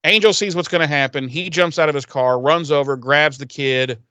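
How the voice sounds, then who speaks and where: A man's voice: fairly high pitch, steady tone, sharp tone, clear, resonant tone, dry recording. A man co-hosting a podcast, casually retelling a TV episode in a rambling, profane way and briefly acting out the characters. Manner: rambling, profane, acts out characters in quick voices. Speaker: podcast co-host recapping an episode. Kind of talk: casual chat, retelling scenes.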